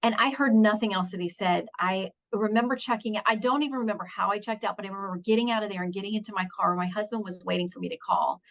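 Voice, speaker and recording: A woman's voice: mid-range voice, quick pace, vocal fry, few pauses. A woman guest in an interview, earnestly recounting a personal story of illness and faith. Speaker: guest, news anchor and author.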